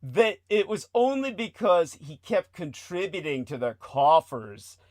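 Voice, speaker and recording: Male podcast host, casual chat, lively wide-ranging voice, frequent laughter, dry close sound. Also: on the high side, measured pace, no echo. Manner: laughs often, animated, talks in bursts.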